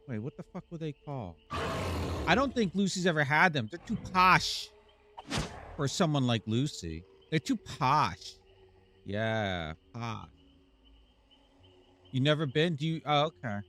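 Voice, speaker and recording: A man's voice: medium pitch, lively intonation, measured pace, pauses often, noisy background. Playful teasing male game streamer. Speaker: live-stream gamer host. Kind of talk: casual live-stream chat to viewers.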